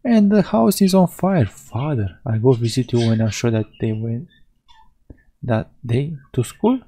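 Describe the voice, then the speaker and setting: Playful mellow-voiced man gaming. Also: mid-range voice, lively intonation, unhurried, breathy edge, poor audio. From Europe. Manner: playful, reads in-game dialogue with mock voices. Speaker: gaming video host. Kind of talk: Let's Play commentary, reading game text aloud.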